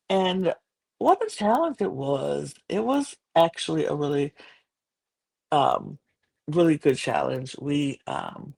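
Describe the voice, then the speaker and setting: Woman podcast host, gravelly fry, rambling casual talk, lots of ums. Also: low-pitched, animated, normal speed, a little mellow. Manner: rambling, with many fillers and restarts. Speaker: podcast host recapping a reality show. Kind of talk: casual chat.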